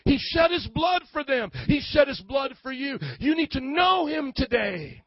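Male pastor, very high-pitched, preaching with shouts and call-and-response; dry, dull lo-fi sound. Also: animated, measured pace. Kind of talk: sermon.

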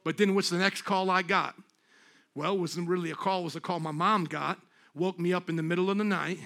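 A man's voice: high-pitched, steady tone, fairly quick, creaky, sharp tone. A man preaching a sermon at a church service, talking in an emphatic, conversational way and throwing rhetorical questions at the congregation. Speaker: pastor.

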